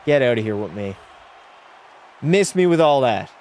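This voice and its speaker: A young man live-streams a hockey video game from a room at home, chatting casually with viewers, reading chat aloud, and offering blunt, opinionated takes. His medium-pitched voice swings widely in pitch at a normal speed and sounds a little mellow. A faint crowd and slight background noise can be heard.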